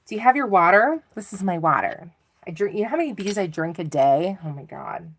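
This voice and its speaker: A woman's voice: fairly low pitch, very animated, brisk. A middle-aged woman giving a live tarot reading in a chatty, self-teasing way, laughing often. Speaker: tarot reader.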